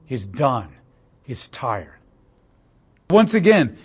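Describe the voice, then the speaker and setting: Animated man preaching a sermon. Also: fairly high pitch, normal speed. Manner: animated, sarcastic storytelling with rhetorical questions. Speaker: pastor. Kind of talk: expository sermon.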